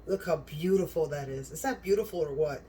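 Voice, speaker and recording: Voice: medium pitch, brisk, mellow, far from the mic, slight background noise. A cooking channel host in a home kitchen, gushing and exclaiming as they talk straight to viewers while tasting the food.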